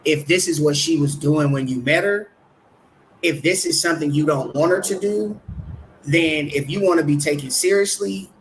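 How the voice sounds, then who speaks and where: A man appearing as a podcast guest, who speaks politely and lays out his opinion step by step. His voice sits a little high for a man, with faint background noise behind it. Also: low-quality recording. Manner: polite and measured, reasons things through. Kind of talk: casual chat.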